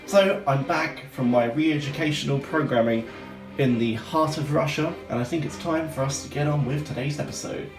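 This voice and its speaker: A man hosting a comic cooking video, talking loudly and excitedly as a playful showman. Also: fairly high pitch, normal speed. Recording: roomy echo, distant mic, music behind.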